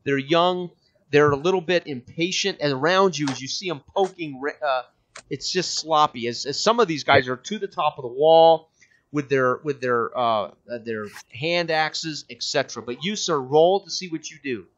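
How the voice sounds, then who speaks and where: A man running a tabletop game as game master, talking casually with frequent fillers and restarts. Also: fairly high pitch. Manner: chatty, halting with many fillers. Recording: dull lo-fi mic.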